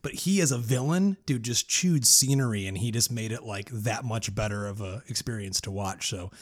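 A man's voice: on the low side, normal speed. A man hosting a podcast, chatting casually in an enthusiastic, joking and profane way. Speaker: podcast host. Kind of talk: casual chat.

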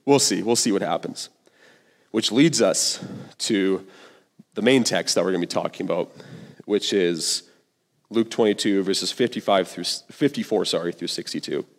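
A man's voice: low-pitched, normal speed. Man preaching in a reverberant hall. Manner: conversational, slangy, earnest. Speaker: pastor. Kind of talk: sermon.

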